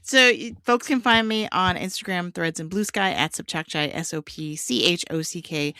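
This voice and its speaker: A woman co-hosting a casual podcast, playful and quick to laugh. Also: fairly low pitch, sharp tone, smooth, no room sound, clean studio sound. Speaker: podcast co-host. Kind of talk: casual chat.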